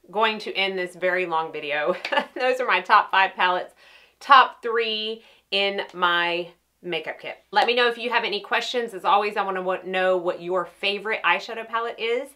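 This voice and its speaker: Woman, middle-aged, bright slightly low voice, chatty enthusiastic makeup talk to camera. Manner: chatty and enthusiastic, often restarting sentences. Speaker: makeup artist reviewing her palettes. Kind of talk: casual chat to camera.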